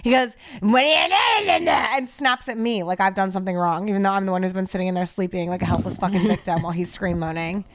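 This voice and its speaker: A woman's voice: lowish voice, fairly even intonation, fast, hardly any pauses, a little hiss or hum. A woman co-hosting a podcast, ranting heatedly and swearing freely in casual chat. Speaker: podcast co-host.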